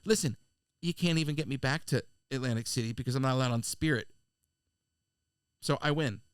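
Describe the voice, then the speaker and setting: A man, co-hosting a podcast and telling a funny travel story in casual chat, slipping into quick voices of people he met. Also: medium pitch, smooth, dry recording. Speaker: podcast co-host.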